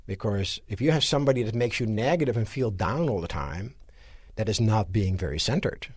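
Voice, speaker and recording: Man, seminar speaker, animated rhetorical questions, very lively pitch, live audience room. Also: brisk, husky, dry recording, clean studio sound. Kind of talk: live motivational seminar lecture.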